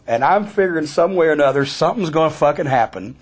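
A man telling a backstage story in a profane, sarcastic, animated way. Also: on the high side, brisk. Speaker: storyteller guest.

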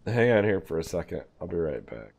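A man's voice: sits low, very animated, fairly quick, gravelly, darkish tone. A man hosting a game stream, chatting in a laid-back, drawling way with his friends. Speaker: streamer, host. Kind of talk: casual gaming chat.

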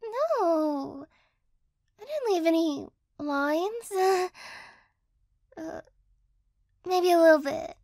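A woman voicing a sleepy, apologetic cat-girl girlfriend in a whispered role-play, speaking softly and hesitantly close to the mic. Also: very high-pitched, expressive, very slow, long pauses, no room sound, exaggerated voice. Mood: sleepy, affectionate. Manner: soft, gentle, hesitant and apologetic. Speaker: ASMR role-play artist.

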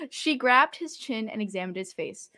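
A woman co-hosting a casual podcast critique, reading a novel aloud and reacting in an animated, exasperated, chatty way. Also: a little high, measured pace. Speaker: podcast co-host.

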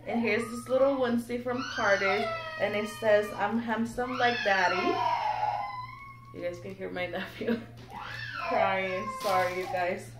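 A young woman chatting excitedly to camera while unboxing something at home, nervous and giggly. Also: medium pitch, measured pace. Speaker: vlogger. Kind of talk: casual unboxing chat to camera. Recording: echoey room, mic a bit distant, faint background noise.

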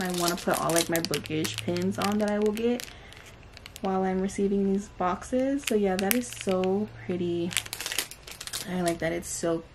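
Casting note: woman, unboxing vlogger, excitable and gushing, with a gravelly, creaky edge and a faint hiss behind her. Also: medium pitch. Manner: gushing and excitable, chatty with many fillers. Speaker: booktube host. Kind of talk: casual unboxing vlog.

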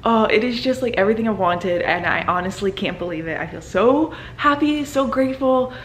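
A young woman in her twenties, a medical student, talking casually to camera with lots of fillers and excited exclamations. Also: mid-range voice, a little fast, slight background noise. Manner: excited and emotional, many fillers like "like" and "oh my God".

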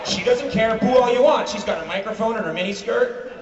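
A man doing stand-up on a big theater stage, his high, swooping voice rising into shouted punchlines. The sound is a distant, muffled lo-fi concert recording, and a roaring audience laughs and cheers around him. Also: brisk, very noisy. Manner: animated, shouting punchlines over crowd laughter. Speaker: comedian on stage. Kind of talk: stand-up comedy routine. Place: large theater with a big crowd. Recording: far, roomy, lo-fi concert audio with loud crowd. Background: loud audience laughter and cheering.

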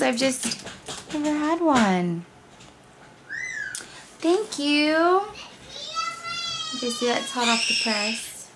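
A young woman talks to her viewers at an easy, unhurried pace. She gushes over every item she unwraps, gasping and exclaiming with delight, in a casual unboxing chat. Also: on the high side, noisy background. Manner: gushing and excitable, gasps and repeats "oh my gosh". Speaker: crafting vlogger.

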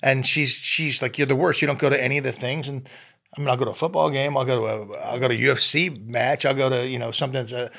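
A middle-aged man chatting as a guest, telling animated stories and acting out quotes. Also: mid-range voice, fast talker, creaky. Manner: animated storyteller, acts out quotes. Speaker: guest actor. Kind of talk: casual chat.

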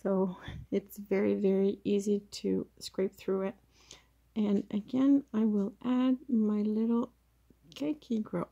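Chatty, mellow-voiced woman demonstrating plant care. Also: medium pitch, flat delivery, slow, vocal fry, highs cut off. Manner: chatty, hesitant, talks while working with her hands. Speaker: plant grower demonstrating propagation. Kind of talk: casual how-to demonstration. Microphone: camera mic, very close up.

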